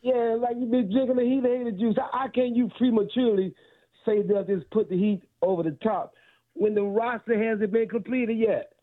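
A high-voiced male caller who argues his point in a rambling, insistent way. He comes through a tinny phone line. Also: steady tone, normal speed. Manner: pushy, rambling, challenging. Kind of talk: argumentative call-in chat.

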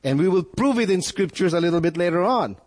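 A male pastor preaching a sermon, with animated delivery, sudden rises in pitch and frequent repeated words. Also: fast, big-room sound.

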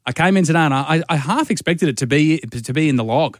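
A man hosting a radio show, talking in a rambling, self-deprecating way with halting restarts. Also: fairly high pitch, animated, no echo, clean studio sound. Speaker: radio host. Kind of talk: casual radio banter.

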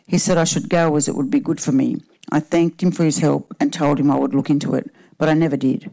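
A woman, a panel guest reading her own personal story aloud in a steady, measured way. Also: sits low, creaky, rough recording.

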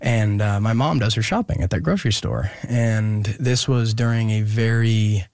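A young man, a guest in an interview, telling a personal story in an earnest, reflective, halting way. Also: on the low side, darkish tone, dry recording, clean studio sound.

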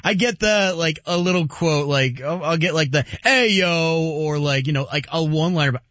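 A man co-hosting a talk show, loose and chatty and quick to laugh. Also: a little high, a bit bright, dry recording, lo-fi sound. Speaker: show co-host.

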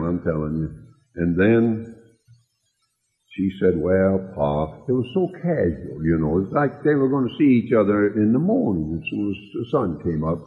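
A man preaching, telling a tender story slowly and dropping soft and low when he quotes people. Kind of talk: sermon storytelling. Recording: tinny lo-fi recording in a long-echo hall.

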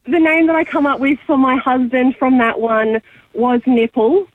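A woman caller on a radio phone-in, her voice high and dry. She tells her story sheepishly, breaking into giggles. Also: steady tone, moderate pace, dry recording, narrow, tinny audio. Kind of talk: phone-in chat.

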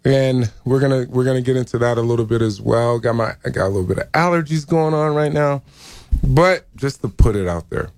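A man hosts a sports radio talk show, his voice worn hoarse from coaching and yelling. He talks in a laid-back way and laughs easily, at a medium pitch. The studio sound is dry and close. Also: fairly quick, dry recording. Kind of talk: casual sports radio chat. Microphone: studio mic.

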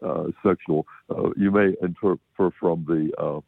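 A man's voice: low-pitched, fairly even intonation, measured pace, gravelly, no echo. An American man giving a rambling, laughing film review on a community radio show. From United States. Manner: rambling, laughs often, many fillers. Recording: tinny phone line.

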